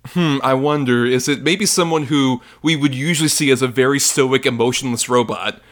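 Guy on a movie podcast getting excited, swearing a lot, easygoing chat. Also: medium pitch, normal speed. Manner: excitable, swears freely, acts out movie scenes. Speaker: podcast co-host. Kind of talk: casual film discussion.

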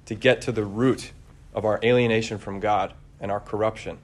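At a moderate pace and in a voice on the low side, a man preaches a conversational homily. He sounds relaxed and searching, with frequent fillers and restarts.

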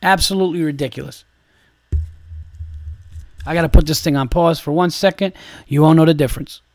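Speaking a little fast in a fairly high pitch, a young man hosting a podcast goes on an exasperated, repetitive, foul-mouthed rant. There's no echo on the recording.

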